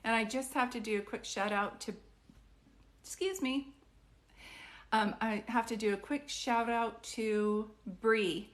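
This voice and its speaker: Excitable woman chatting on a live stream. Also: a little high, a little slow, long pauses. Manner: excitable, rambling, talks to viewers directly. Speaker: psychic reader on a live stream. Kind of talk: casual live-stream chat.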